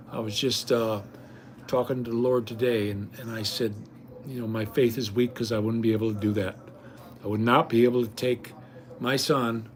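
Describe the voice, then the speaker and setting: Rambling folksy older man. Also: mid-range voice. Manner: folksy, rambling, frequent restarts and stammers. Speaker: vlogger. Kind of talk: casual rambling chat to viewers.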